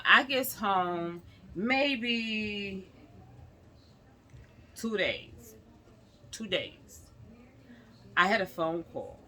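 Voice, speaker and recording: A woman's voice: fairly low pitch, bright, forceful tone, a little hiss or hum. A woman vlogger chatting to her viewers in a rambling storytime, often calling them y'all.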